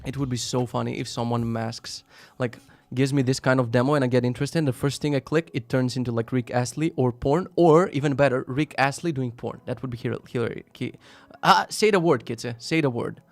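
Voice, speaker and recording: A live-stream host reads out links from viewers and reacts casually, with profanity and sarcasm, swinging between loud rants and muttered asides. His mid-range voice runs a little fast with hardly any pauses, and there's no room sound.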